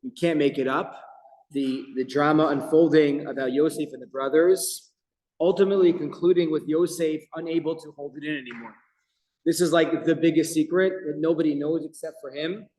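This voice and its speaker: A man teaching a Torah class as a rabbi, telling the story with lively emphasis and quoting Hebrew verses. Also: fairly high pitch, normal speed. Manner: animated storytelling with Hebrew quotes. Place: office. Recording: echoey room with long reverb.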